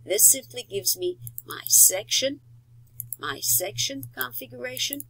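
A woman giving a step-by-step software tutorial, talking through each click with fillers and quick self-corrections. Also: a little high, lively intonation, gravelly, breathy edge, dry recording, rough recording. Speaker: instructor.

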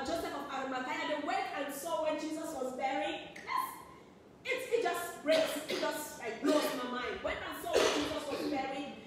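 High-voiced woman preaching in an echoey hall. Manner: emotional, acts out quoted voices. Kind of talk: sermon. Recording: very echoey hall, distant mic, faint noise.

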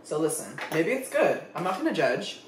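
Expressive young man, lively echoey vlog. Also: a little high, normal speed, a little hiss or hum. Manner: dramatic, expressive, swears freely. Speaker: food vlogger. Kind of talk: casual food tasting vlog. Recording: echoey room.

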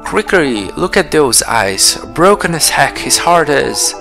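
A man reading the lines of an excitable male fairy companion in a chatty, dramatic way. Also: fairly high pitch, a little slow, gravelly, over music, heavily acted. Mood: worried.

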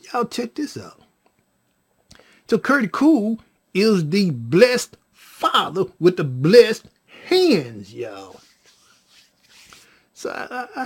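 Man with a husky voice, casual storyteller who moves up and down a lot in pitch. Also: huge pitch swings. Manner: drawn-out, repetitive, trailing off quietly on "y'all". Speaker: storyteller vlogger.

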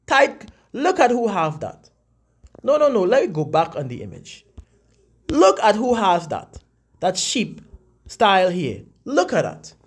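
A man giving a casual scripture lesson, talking conversationally and slowing down to read definitions aloud. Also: high voice, sing-song, slightly rough. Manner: frequent fillers and restarts. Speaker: religious teacher.

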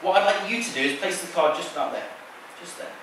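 A man's voice: sits high, fast, a bit bright, slight background noise. A man performing a card trick on stage, teasing his volunteer with playful patter. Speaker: stage magician. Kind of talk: live stage magic patter. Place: large theater stage. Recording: echoey theater sound from a distance.

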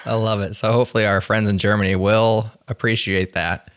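Man, podcast host, wry humor, lower voice, dead dry sound. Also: flat delivery, brisk, a bit bright, clean tone, no echo. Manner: dry, wry, steering the conversation. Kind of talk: casual chat.

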